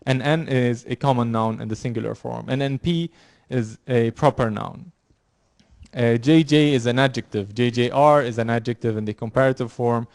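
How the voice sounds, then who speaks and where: A man's voice: medium pitch, steady tone, vocal fry, darkish tone, no echo, studio quality. A man lecturing a university class, explaining with frequent fillers, repeated words and restarts. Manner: halting, many fillers and restarts. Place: lecture room.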